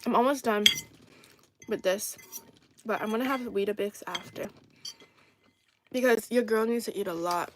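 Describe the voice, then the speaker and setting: A woman's voice: medium pitch, normal speed, long pauses, background noise. A young woman from China hosting a casual eating live stream, sassy and playful, teasing her viewers and laughing often over a phone mic. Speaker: livestream host.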